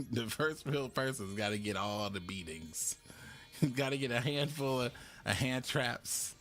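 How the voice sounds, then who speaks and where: A man streaming a card game live, loud and playful, laughing and breaking into sudden high shouts and mock-preachy lines. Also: animated, a little slow, faint music behind. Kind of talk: live gameplay commentary.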